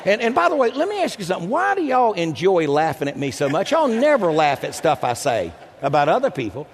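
Older man, husky pastor, lively swooping delivery, long hall reverb. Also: a little fast. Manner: animated, self-mocking, jumps into loud high quoted voices. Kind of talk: storytelling sermon. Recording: echoey hall.

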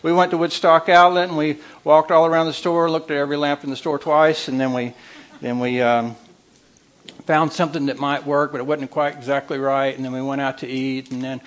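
Man in his sixties, folksy storyteller, somewhat high voice, humorous talk. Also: little pitch movement, brisk. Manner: folksy storytelling, repeats phrases. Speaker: marriage counselor and speaker.

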